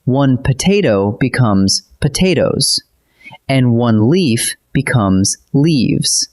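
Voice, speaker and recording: A man's voice: medium pitch, expressive, slow pace, a little mellow. A man narrating a scripted grammar lesson as a teacher, patiently spelling out letters and rules step by step.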